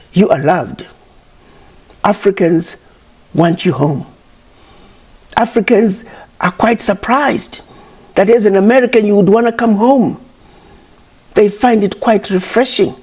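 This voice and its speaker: A woman's voice: mid-range voice, mellow. A woman giving an impassioned public address, scolding her critics with repeated rhetorical questions.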